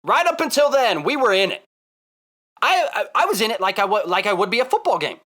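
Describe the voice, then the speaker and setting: Talking fairly quickly to the camera, an excitable male vlogger recounts a story, his bright, forceful voice swinging sharply in pitch. He keeps circling back to one point, repeating it emphatically.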